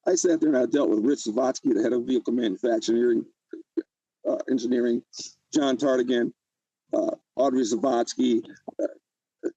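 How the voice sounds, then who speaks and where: A man's voice: medium pitch, warm tone, breathy edge, no room sound, muffled recording. An older man telling his own story in an emotional interview, agitated and often repeating himself. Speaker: interview guest.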